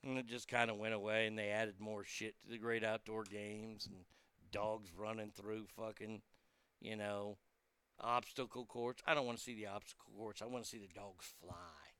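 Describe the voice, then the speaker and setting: A man's voice: on the low side, flat delivery, normal speed, fairly bright tone, clear, resonant tone, no echo. A man hosting his own show, rambling casually and chattily with a profane edge. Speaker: host.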